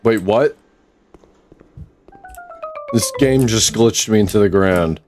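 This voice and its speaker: A young man doing casual gameplay commentary, excitable and swearing, often breaking into laughter. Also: lowish voice, takes it slowly, faint music behind. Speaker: gaming YouTuber.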